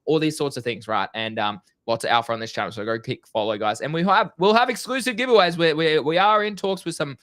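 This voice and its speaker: A young man co-hosting a casual crypto trading live stream, energetic and slangy. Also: on the high side, no echo. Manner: energetic, excitable, slangy, swears.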